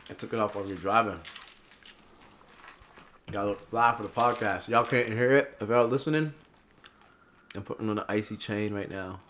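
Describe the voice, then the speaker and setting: A young man chatting as a podcast guest, animated and rambling, often drifting off on tangents. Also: fairly low pitch, moderate pace, long pauses, slight background noise. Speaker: podcast guest, political candidate. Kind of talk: casual interview chat.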